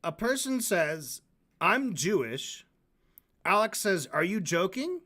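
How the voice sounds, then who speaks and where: Bright, animated man hosting a stream. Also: high voice, slow pace. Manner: sarcastic, animated reacting. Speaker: livestream host. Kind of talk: casual stream commentary.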